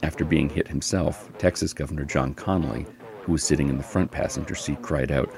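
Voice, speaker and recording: Deep gravelly male podcast narrator. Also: steady tone, a crowd in the background. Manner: slow, measured storytelling delivery. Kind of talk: scripted narration.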